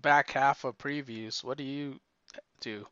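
A man's voice: mid-range voice, steady tone, unhurried, sharp tone, clear, resonant tone, dry recording, dull audio. A man in a casual chat, chiming in with brief remarks and questions. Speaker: comics podcast co-host.

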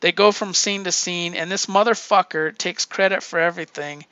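A man with a high, bright and very clear voice recaps comic stories in a casual review, swearing freely and laughing as he goes. The recording is dry and a little dull, with no room sound. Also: fairly even intonation, normal speed, no echo. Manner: profane, laughing storyteller. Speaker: podcast host reviewing comics.

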